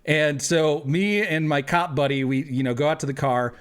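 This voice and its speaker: A young man telling a funny story to friends in casual chat, animated, laughing as he goes. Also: on the high side, moderate pace, clear, resonant tone. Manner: animated anecdote with laughing asides and acted quotes. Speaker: tabletop game player.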